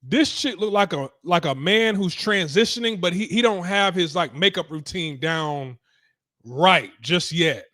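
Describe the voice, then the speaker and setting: A man's voice: high-pitched, animated, unhurried, pushed and bright, no echo, clean studio sound. A young man giving casual reaction commentary as a show host, blunt, profane and dismissive. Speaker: streaming talk show host.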